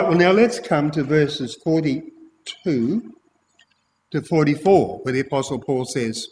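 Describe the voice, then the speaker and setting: A man preaching an expository sermon, emphatic, repeating key phrases and addressing his listeners as ladies and gentlemen. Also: a little high. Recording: long hall reverb.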